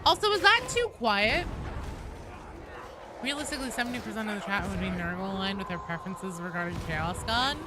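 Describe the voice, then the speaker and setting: A woman in her thirties streaming a game live, chatting with her viewers in a lively, joking way with loud outbursts. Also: mid-range voice, brisk, over music. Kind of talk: live-stream chat while gaming. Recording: game sounds and noise behind voice.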